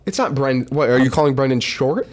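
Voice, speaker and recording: A young man co-hosting a podcast, cutting in with quick, teasing banter. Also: medium pitch, animated, background noise. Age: young adult. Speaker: podcast co-host. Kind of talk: casual podcast chat.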